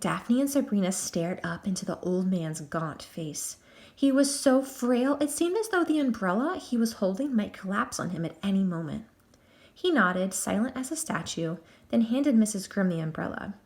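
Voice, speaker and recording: A woman reads a children's novel aloud with expressive, animated narration. Her pitch sits mid-range but moves widely and playfully across each sentence. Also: normal speed. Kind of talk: storybook read-aloud.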